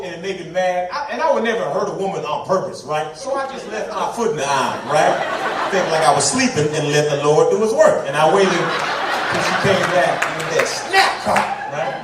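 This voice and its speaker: A man's voice: on the high side, expressive, brisk, over a noisy crowd. A man doing a playful live stand-up set, acting out quotes and laughing at his own jokes. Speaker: stand-up comedian. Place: live comedy venue. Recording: echoey venue mic from a distance with audience noise.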